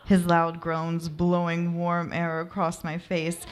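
A woman reads an amateur story aloud, soft and unhurried. Her voice sits a little low and she keeps an easy, relaxed narrating tone. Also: slight background noise. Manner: soft, unhurried reading with occasional laughs at slips. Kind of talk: amateur erotic story reading.

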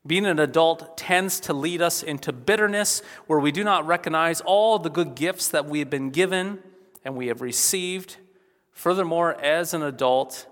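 A man's voice: fairly high pitch, fairly bright tone. A man preaching a sermon as a pastor, reading scripture and then speaking with emphatic shifts in volume. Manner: emphatic, varies volume for effect. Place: church. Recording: church with long reverb.

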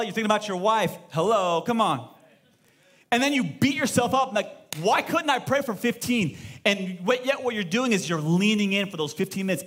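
High-voiced preaching pastor, emphatic. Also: male voice. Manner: lively, emphatic preaching with rhetorical questions to the congregation. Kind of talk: sermon. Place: church service before a live congregation.

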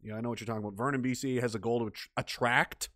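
A man's voice: mid-range voice, steady tone, racing, bright, forceful tone, dry recording, clean studio sound. A man reading viewer messages on a livestream, ranting and swearing, trailing off into mumbled asides. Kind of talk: profane livestream chat reading.

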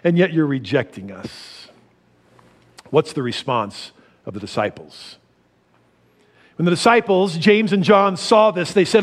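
A middle-aged man preaching a sermon, animated, laughing often and swinging from loud to soft. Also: fairly high pitch, measured pace, pauses often, husky. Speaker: pastor.

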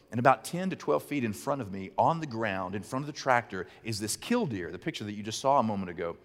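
A man preaching a sermon as a pastor, telling a story in an animated, conversational way. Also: fairly high pitch, in a large hall.

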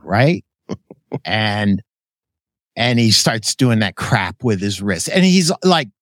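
Guy telling a blunt animated story on a podcast, swears a bit, dry mic. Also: on the low side, slow pace, pauses often, dry recording. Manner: animated, blunt, swears freely, acts out quotes. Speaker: podcast host. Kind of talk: casual storytelling chat.

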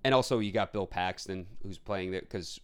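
A lowish-voiced man co-hosting a casual film podcast. He talks bluntly and swears freely, and he keeps slipping into quick put-on voices as he acts out scenes. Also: smooth. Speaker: podcast co-host. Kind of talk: casual film review chat.

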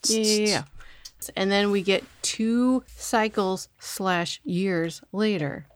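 A woman hosting a podcast in casual chat, making dry, sarcastic asides and quick interjections. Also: mid-range voice, steady tone. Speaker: podcast host.

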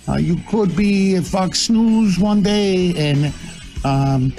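A man's voice: high-pitched, drawn-out words, gravelly, pauses often, dark tone, faint music behind. A man hosting a talk show, chatting in a joking, mocking, playful way and stretching his sounds. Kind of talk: joking casual chat.

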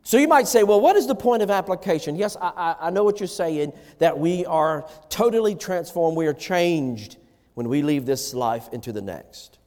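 A man's voice: on the high side, expressive, moderate pace, darkish tone, long reverb tail. A man preaching a sermon as pastor to his church, impassioned, his voice rising and falling through the message.

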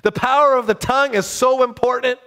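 A man's voice: very high voice, fairly even intonation, a little fast, bright, forceful tone, smooth. A man preaching a sermon in a fervent, exclaiming way.

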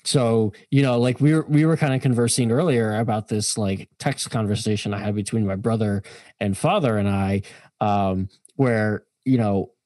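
A man's voice: on the low side, darkish tone, no room sound, studio quality. A man co-hosting a podcast, rambling and sarcastic, with plenty of swearing in casual chat. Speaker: podcast co-host.

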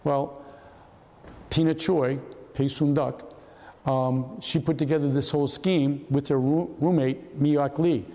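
This slow, slightly high-pitched speaker is a retired FBI agent in his seventies, giving an anecdotal talk in a large hall at a historical society gathering. He brings his tales to life by performing the quoted voices himself.

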